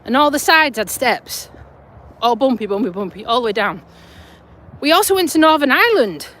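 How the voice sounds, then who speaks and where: A woman's voice: high-pitched, very animated, moderate pace, a bit bright. A woman in her forties from the UK, chatting and rambling on a live stream while walking her dog outdoors, talking into a phone. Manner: chatty, rambling, laughs easily. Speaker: vlogger. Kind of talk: casual live-stream chat.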